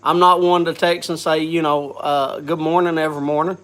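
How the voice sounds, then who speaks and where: A man's voice: fairly high pitch, little pitch movement, a bit bright. A man hosting a casual live chat, congested from a cold, coughing and often restarting his sentences. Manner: halting, restarts with repeated words. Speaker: host.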